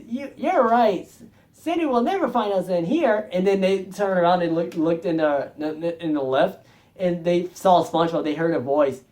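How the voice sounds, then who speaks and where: On his video channel, a man with a fairly high, somewhat mellow voice talks casually about music videos. He wanders from point to point, often fixes what he just said, and laughs softly as he goes.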